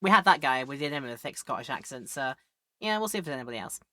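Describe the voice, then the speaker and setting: A woman's voice: very deep voice, animated, racing, a bit bright, no echo, clean studio sound. A woman streaming a game, chatting and rambling in between joke voices. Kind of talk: game let's play commentary.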